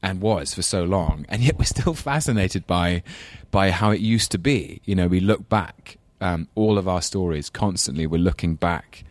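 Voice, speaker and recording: Deep-voiced London man, thoughtful. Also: moderate pace, hardly any pauses, no room sound. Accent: London English. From England. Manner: thoughtful, self-deprecating, many restarts. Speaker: guest, actor. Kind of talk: casual interview chat.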